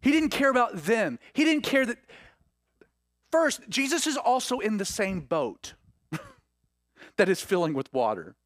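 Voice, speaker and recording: Male preacher, sermon, high lively voice, dry close sound. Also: a little slow, pauses often, no room sound. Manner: animated, acts out quoted voices.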